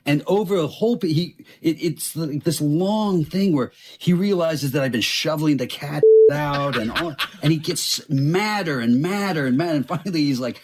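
A man telling a comic story, animated and laughing as he talks. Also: a little high, normal speed, few pauses, slight background noise. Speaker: actor telling a story in an archive clip. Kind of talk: comic anecdote.

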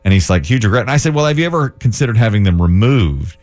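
A man's voice: on the low side, very animated, fast, darkish tone. A man hosting a radio talk show, telling a long story and acting out the quoted dialogue in a chatty way. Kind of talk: casual radio chat.

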